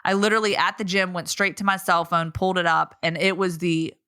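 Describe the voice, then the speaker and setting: A woman co-hosting a sports podcast, telling stories in a chatty, animated way. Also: on the low side, brisk, smooth. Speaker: co-host. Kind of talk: casual sports podcast chat.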